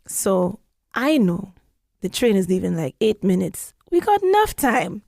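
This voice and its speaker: A woman telling a story in casual podcast chat, animated and acting out the quotes she tells. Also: a little slow, gravelly, no room sound. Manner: animated, acts out quotes with big pitch jumps.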